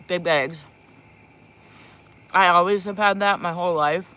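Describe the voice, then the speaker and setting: Her voice is fairly low, steady in tone and a bit bright as she chats casually on a livestream before offering spiritual readings. Talking slowly into a propped-up phone in a small room, she rambles and giggles.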